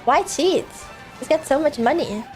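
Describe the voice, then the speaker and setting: A woman streamer chatting casually and rambling with lots of fillers, breaking into sudden loud outbursts while she plays a game. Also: high voice, lively intonation, unhurried, faint music behind. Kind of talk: casual live-stream chat while gaming.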